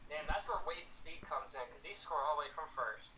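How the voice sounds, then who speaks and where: A man co-hosting a podcast, chatting through a live ballgame and pitching his own ideas. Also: a little fast, pushed and bright. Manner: chatty, offers opinions and ideas. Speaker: podcast co-host. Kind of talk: live game-watching reaction chat. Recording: distant mic with faint background noise.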